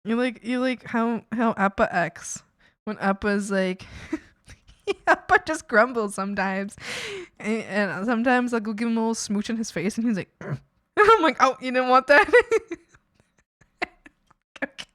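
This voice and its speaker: A woman streaming while she works on art, telling stories in a casual, animated way, acting out quotes and laughing often. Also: a little high, a little slow, long pauses, no room sound, clean studio sound. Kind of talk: casual chat while drawing.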